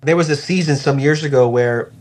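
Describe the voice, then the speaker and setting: A middle-aged man, a pastor, talking reflectively and earnestly about faith in an interview, slowing down to stress his points. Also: fairly high pitch, darkish tone.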